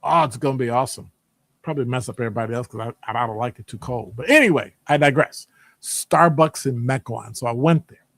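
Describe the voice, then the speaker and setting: A man talking casually in a rambling monologue, animated and digressive, jumping into high voices when quoting people. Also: fairly quick, no echo. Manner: conversational, digressive. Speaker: podcast host; academic department member.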